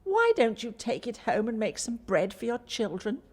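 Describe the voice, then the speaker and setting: A woman's voice: on the high side, very animated, darkish tone, in a large hall. Woman doing a sly clever boy. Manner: cheeky, quick-witted. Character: sly clever young lad.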